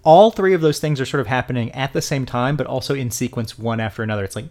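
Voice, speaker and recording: An animated man co-hosting a casual film chat, with a voice sitting mid-low for a man. He retells scenes with energy and slips into characters' lines as he goes. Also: fast talker, hardly any pauses. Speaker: podcast co-host.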